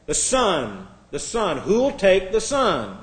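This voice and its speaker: A man's voice: sits high, wildly swooping pitch, takes it slowly, roomy sound, full character voice, poor audio. A man telling a story and voicing a persistent, formal male auctioneer who calls out bids to a crowd. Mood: coaxing. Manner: calling out bids, pressing the crowd.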